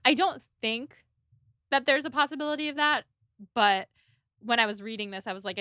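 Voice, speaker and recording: A woman's voice: on the high side, moderate pace, pauses often, sharp tone, dry recording, studio quality. A woman co-hosting a podcast, recapping a novel in a chatty, casual way with frequent laughs and lots of "like". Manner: chatty, laughing, many likes. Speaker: podcast co-host. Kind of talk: casual book discussion.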